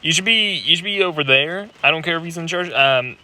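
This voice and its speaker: A man's voice: a little high, brisk, very noisy. A young man giving casual gameplay commentary as a reaction host, coaching the player and stumbling over repeated fillers. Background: loud game music.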